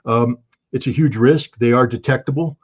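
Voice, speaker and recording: Blunt guy giving his take in an interview, emphatic, mid pitch, dull lo-fi sound. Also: normal speed, breathy edge. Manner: blunt, emphatic, bursts of alarm. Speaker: guest analyst. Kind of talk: interview commentary.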